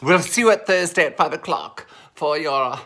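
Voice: mid-range voice, animated, moderate pace, sharp tone. A campy, theatrical host leads a casual cocktail tutorial from a home kitchen, calling listeners darling and angels.

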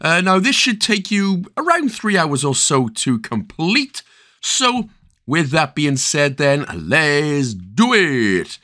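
A Welsh man narrates a game achievement walkthrough, his voice sitting a little high and swinging widely in pitch. He keeps dropping playful, jokey asides between instructions. He sounds like a regular gaming host talking straight to his viewers. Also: sing-song, slow, pushed and bright.

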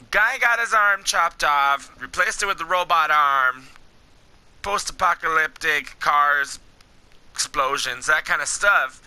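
A man hosting a let's-play video, commenting on a wrestling game and reading its dialogue aloud with excited, yelling reactions. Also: sits high, a little hiss or hum, low-quality recording. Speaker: gaming video host.

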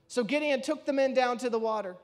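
A man preaching a sermon, telling a story with lively acted-out quotes. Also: fairly quick. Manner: animated storytelling, acts out quoted voices with shifts in pitch and loudness. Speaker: pastor.

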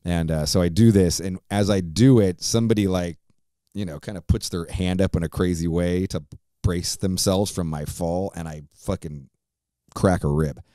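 A man's voice: low voice, steady tone, moderate pace, warm tone, no room sound, clean studio sound. A middle-aged man hosting a podcast, telling a story casually in a rambling, profane way full of fillers and restarts. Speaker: podcast host.

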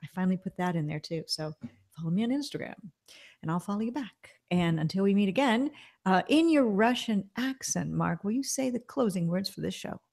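A woman's voice: medium pitch, animated, brisk, creaky, a little mellow. A middle-aged woman hosting a casual livestream chat, reading out viewer comments, laughing often. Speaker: show host. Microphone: desk mic.

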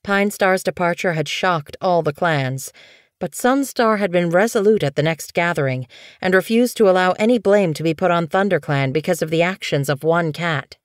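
A woman narrating an audiobook in a calm, even storytelling manner. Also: lowish voice, normal speed, dry recording, clean studio sound. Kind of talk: scripted narration.

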